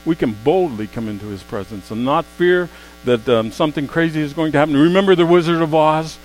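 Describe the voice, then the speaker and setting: A man preaching a sermon, swinging between quiet, slow asides and loud, emphatic exclamations. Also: fairly high pitch, soft background music, poor audio.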